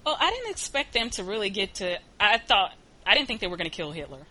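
A woman's voice: medium pitch, big pitch swings, quick pace, very noisy. A woman hosting a casual chat about films, bubbly and gushing, laughing often.

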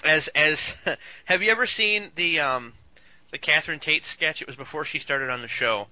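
A man's voice: on the high side, normal speed, bright, forceful tone, dry recording. A man co-hosting a casual fan podcast, talking eagerly and joking, often quoting lines in put-on voices. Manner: enthusiastic fan, jokey, quotes lines in voices. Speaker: podcast co-host. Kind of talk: casual chat. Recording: dull lo-fi recording.

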